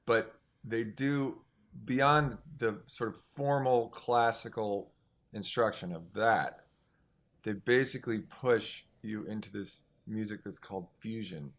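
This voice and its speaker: A middle-aged man with a notably deep, low voice talks casually as an interview guest. He rambles and restarts his sentences, filling gaps with "like" and "um" as he works toward his point. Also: slow pace. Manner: rambling, many restarts and "like" fillers. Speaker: singer-songwriter guest.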